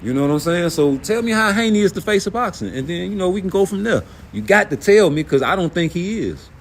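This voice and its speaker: Fast-talking and high-pitched, a middle-aged boxing commentary host delivers an animated, profane rant about boxing, blunt and packed with rhetorical questions. There's a little hiss or hum in the audio.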